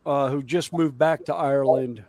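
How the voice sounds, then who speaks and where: A man chatting casually on a livestream, telling jokes and stories with many pauses and fillers. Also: medium pitch, a little mellow, dry recording.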